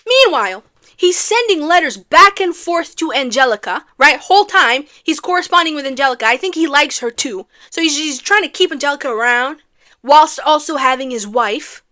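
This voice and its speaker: Young woman content creator, bright punchy voice, ranting dramatic with whispery asides. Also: high-pitched, animated, moderate pace, no room sound, clean studio sound. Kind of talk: casual musical recap.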